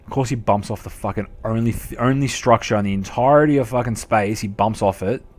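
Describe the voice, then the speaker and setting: A young adult Australian game streamer casually commentates a game live, chatting with viewers and swearing a lot. His voice is fairly low and he talks fairly quickly.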